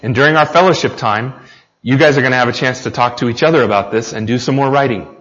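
A man's voice: mid-range voice, fast talker, fairly bright tone, in a large hall. Earnest American man preaching a sermon. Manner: earnest, speaks directly to the congregation with questions. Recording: slightly dull lo-fi recording.

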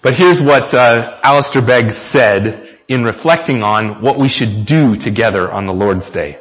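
Earnest American preacher, mid-pitched, sermon delivered straight to the congregation, slightly muffled recording. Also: male voice, measured pace, long reverb tail. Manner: earnest, speaks directly to the congregation with questions.

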